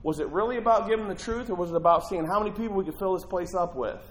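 A male pastor delivers a sermon in a lively, conversational way. His voice sits a little high and swings between loud bursts and hushed asides. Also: racing, poor audio.

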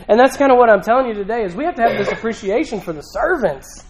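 A man's voice: extremely high pitch, lively intonation, fast, slight background noise, rough recording. A male pastor preaching a sermon in a church, talking conversationally with rhetorical questions and emphatic repetition.

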